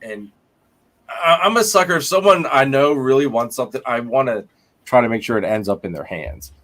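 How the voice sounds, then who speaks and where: A podcast host with a medium-pitched, brisk voice runs a casual live-stream chat. He's animated, joking around and laughing a lot as he talks.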